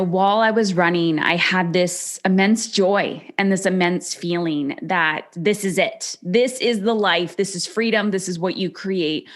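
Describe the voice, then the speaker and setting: A woman in her forties, a podcast host, telling a personal story in a reflective, earnest way and slowing down on the words she stresses. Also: on the low side. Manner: reflective, earnest, slows down on emphatic phrases.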